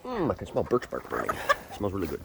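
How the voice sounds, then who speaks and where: A man's voice: lowish voice, huge pitch swings, fast, gravelly, very noisy. A man talking casually to his chickens outdoors at the coop, cooing at them and cursing when they peck him. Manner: coos to the birds in a sing-song voice, curses when pecked. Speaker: vlogger keeping chickens. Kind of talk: casual running chatter to his birds.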